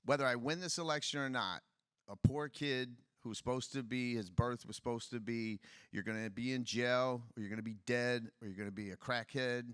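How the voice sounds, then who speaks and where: A man's voice: mid-range voice, moderate pace, fairly bright tone, smooth, no echo, studio quality. A middle-aged man from Detroit, a political candidate telling his story bluntly in a fireside chat. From Detroit, USA.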